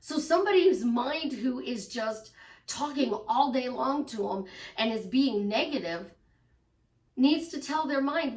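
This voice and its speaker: A woman's voice: high voice, animated, a little slow. A woman life coach talking casually to her followers, emphatic and repetitive, sometimes acting out the voices in people's heads. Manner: emphatic, repeats phrases, acts out inner voices. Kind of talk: casual monologue to camera. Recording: roomy echo, voice from a distance.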